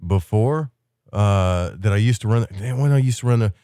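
A man's voice: lowish voice, normal speed, dark tone, no room sound, studio quality. A man hosting a late-night open-lines radio show, telling rambling stories in a loose, casual way. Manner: rambling, loose storytelling with fillers.

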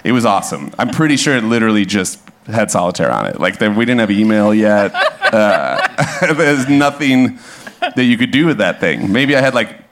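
A man in his thirties from Minnesota tells an animated comic story live on stage, laughing and acting out the quotes. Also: lowish voice, normal speed, slight background noise. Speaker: guest storyteller. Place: club stage before a live audience.

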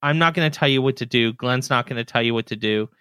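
Male podcast host, bright and punchy, dry studio sound, loose conversational read. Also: mid-range voice, fast, smooth, no room sound. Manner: chatty, trails off and restarts, relaxed. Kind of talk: casual podcast chat.

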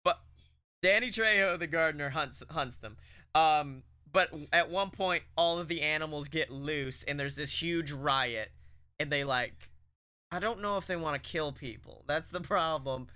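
A man co-hosting a comedy podcast rambles excitedly through an invented story, full of ums, swearing and laughs. His voice is high and bright, with a smooth, clear tone. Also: a little slow. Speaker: podcast co-host. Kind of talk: casual comedy chat, pitching a made-up movie plot.

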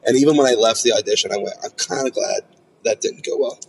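Low-voiced hesitant male co-host. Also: quick pace, vocal fry, a little hiss or hum, poor audio. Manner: hesitant, reflective, many restarts. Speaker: podcast co-host. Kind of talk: casual chat.

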